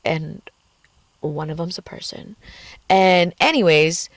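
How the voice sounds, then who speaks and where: A woman talks frankly into her phone in a personal vlog, her speech emotional and peppered with swearing. Her voice sits a little low for a woman. The sound is dry and close, with no room around it. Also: slow, dry recording. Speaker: vlogger. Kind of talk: candid personal vlog rant. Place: in a car at the beach.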